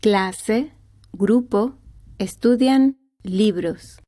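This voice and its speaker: A woman's voice: medium pitch, very slow, mellow. Woman carefully enunciating example words. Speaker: pronunciation model. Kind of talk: reading example words aloud.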